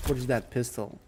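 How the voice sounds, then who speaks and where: Calm, slow-talking man streaming a game. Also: mid-range voice. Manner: calm, soft-spoken, chatting with viewers. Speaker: gaming streamer. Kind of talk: casual live game commentary. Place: home room.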